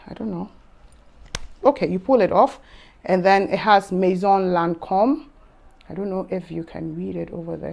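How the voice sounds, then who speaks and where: A young woman hosting a fragrance channel, chatting excitedly through an unboxing. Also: fairly low pitch, gravelly. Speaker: fragrance vlogger. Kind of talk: casual unboxing vlog.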